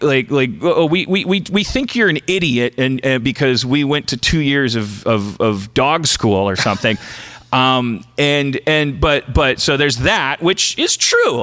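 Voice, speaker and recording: A man's voice: mid-range voice, pushed and bright. A man hosting a comedy podcast, delivering a profane, stammering rant monologue.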